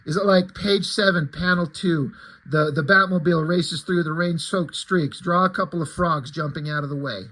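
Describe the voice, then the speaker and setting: A man's voice: on the high side, steady tone, moderate pace, pushed and bright, poor audio. A man reviewing a comic book in casual commentary, sarcastic and profane, with frequent asides.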